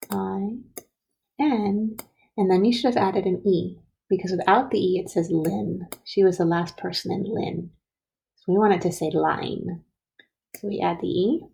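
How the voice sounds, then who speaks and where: A woman teaching first graders a phonics lesson, sounding out letters and syllables slowly and sometimes dropping to a whisper. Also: medium pitch, mellow, poor audio. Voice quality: gravelly and husky. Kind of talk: slow, careful phonics lesson.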